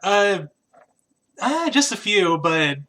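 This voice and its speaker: A man narrating as game master of a tabletop game, in a casual, halting way with many fillers. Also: high-pitched, very animated, crowd noise.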